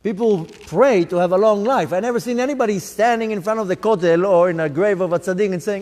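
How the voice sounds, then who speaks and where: Male rabbi, lively storytelling to a congregation, fairly high voice, long echo of a synagogue hall. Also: fast talker, hardly any pauses. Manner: storytelling, acts out his own thoughts and others' voices. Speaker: rabbi giving a talk. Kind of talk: live talk to a congregation.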